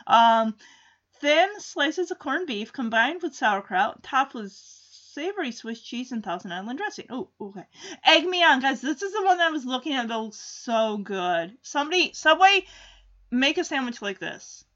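A woman's voice: high voice, sing-song, moderate pace, a bit bright, lo-fi sound. A woman vlogger chatting casually in an exclamatory way as she reacts and comments. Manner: chatty, exclamatory, lots of ooh.

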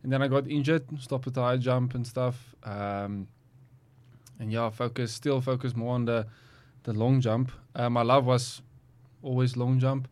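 A young man in his twenties with a South African accent, a guest athlete speaking casually and hesitantly with lots of pauses. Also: medium pitch. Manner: relaxed, hesitant, many ums. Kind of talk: casual interview chat.

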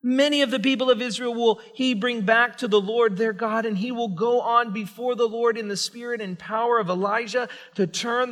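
A male pastor preaching a sermon in a church sanctuary, emphatic and swinging from hushed to loud. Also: very high voice. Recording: long reverb of a large church hall.

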